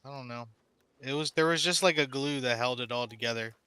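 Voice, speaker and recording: Bright clear-voiced man, casual roleplay chat. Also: medium pitch, fairly quick, no echo. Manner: casual, laughs easily, loose filler-heavy talk. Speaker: roleplay player.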